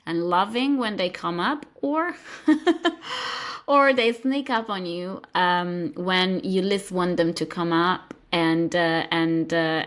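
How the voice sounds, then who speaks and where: A woman guest on a podcast, chatting reflectively and laughing lightly between thoughts. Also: on the low side. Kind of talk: casual chat.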